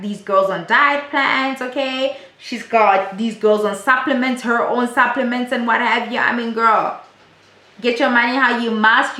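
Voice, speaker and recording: A woman's voice: fairly high pitch, sharp tone. A woman giving a chatty, blunt and profane casual recap of a reality show. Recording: roomy echo.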